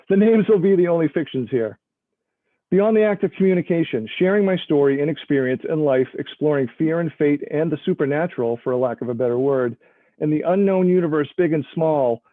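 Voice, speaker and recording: A man's voice: fairly high pitch, no echo. Man reading aloud over a tinny call line. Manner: self-deprecating, laughs between remarks. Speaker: author reading his work. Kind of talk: live reading of a novel over a video call. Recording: tinny phone-like line, dry.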